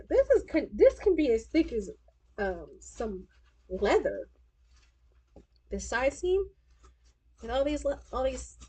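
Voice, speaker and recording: A woman's voice: high voice, a little mellow. A woman hosting a live sewing stream, chatting casually as she walks through each step. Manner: chatty, talks through her steps as she sews. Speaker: sewing livestream host.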